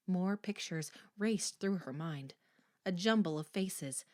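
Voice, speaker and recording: Slow, low-voiced woman reading aloud. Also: a little mellow, no echo, clean studio sound. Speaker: audiobook reader. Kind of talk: audiobook narration.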